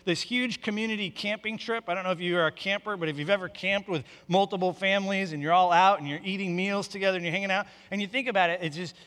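A man's voice: high voice, fairly even intonation, fast talker, hardly any pauses, a bit bright, in a large hall. A man preaching a sermon, teaching in a conversational way with frequent restarts. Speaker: pastor.

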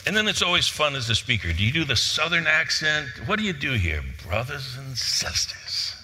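A pastor preaching an animated sermon and reading scripture aloud. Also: male voice, on the high side, quick pace, big-room sound, slight background noise.

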